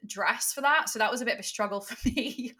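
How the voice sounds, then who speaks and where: A woman's voice: on the high side, quick pace, pushed and bright, a little hiss or hum. A woman, a sex coach, hosting a podcast in casual chat, effusive and enthusiastic.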